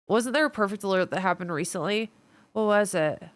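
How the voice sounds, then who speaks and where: A woman's voice: medium pitch, brisk, no room sound. A woman with a Midwestern American accent chatting casually with her stream viewers, reading their messages aloud and swearing freely. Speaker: livestreamer.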